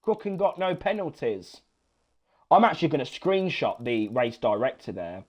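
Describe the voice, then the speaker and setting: A young man giving live sim-racing commentary, excitable, swearing and shouting encouragement at the drivers. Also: a little high, normal speed. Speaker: race commentator.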